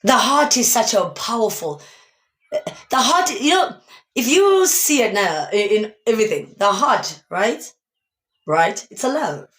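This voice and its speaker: A woman's voice: fairly high pitch, very animated, measured pace, a bit bright. A woman from South Africa giving a motivational talk on a live stream, speaking emphatically and asking many rhetorical questions. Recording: echoey room.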